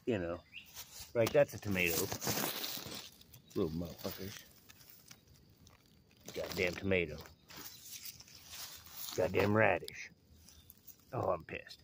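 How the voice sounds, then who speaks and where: A man's voice: low-pitched, unhurried, creaky, pauses often, noisy background. A middle-aged man, giving a casual, rambling, profane update to the camera. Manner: profane, rambling, talks in short bursts. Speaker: vlogger.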